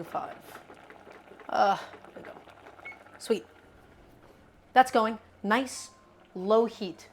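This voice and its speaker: A woman cooking live in her home kitchen, casually chatting to her viewers in an upbeat, talkative way. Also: medium pitch. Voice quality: chatty, upbeat, talks to the chat directly. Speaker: cooking streamer.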